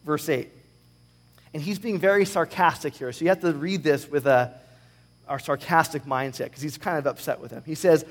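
Guy preaching a sermon, kinda high voice, chatty, reads scripture all animated and sarcastic. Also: fairly quick, in a large hall. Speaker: pastor.

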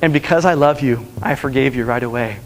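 A man voicing a loving old grandmother who speaks gently and wryly, in a sermon story. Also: medium pitch, brisk, a little hiss or hum, voice pushed down, natural voice, poor audio. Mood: gentle wry.

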